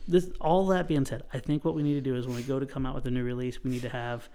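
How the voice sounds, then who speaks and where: A man's voice: mid-range voice, fairly even intonation, fast, dark tone. A man co-hosting a podcast, talking in a rambling, enthusiastic way with many fillers. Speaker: podcast co-host. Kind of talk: casual chat.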